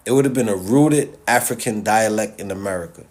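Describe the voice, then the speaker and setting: A man with a somewhat low voice talks straight to his viewers in an impassioned, casual monologue. He hammers his points through repetition, stumbles into restarts and keeps checking in with his listeners. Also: normal speed, a little mellow. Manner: emphatic and repetitive, with many restarts and "all right?" check-ins. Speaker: social media commentator.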